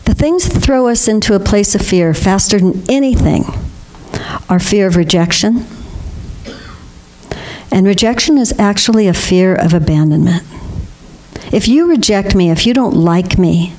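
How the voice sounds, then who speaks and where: A woman's voice: mid-range voice, lively intonation, normal speed. An older woman speaking as guest speaker to a congregation, telling stories with frequent laughter. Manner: warm storytelling with frequent laughter. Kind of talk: spiritual talk to a congregation.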